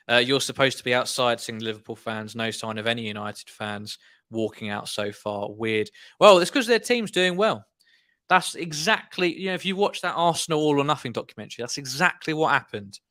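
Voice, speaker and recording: Young male host, frustrated fan commentary, bright and punchy delivery. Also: fairly low pitch. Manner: animated, exasperated fan commentary. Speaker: football watchalong host. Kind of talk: live match reaction commentary.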